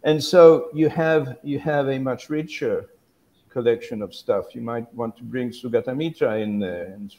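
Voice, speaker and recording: A man's voice: medium pitch, normal speed, a little mellow, low-quality recording. A man in a conversational academic discussion, thinking aloud as he explains his views on language teaching.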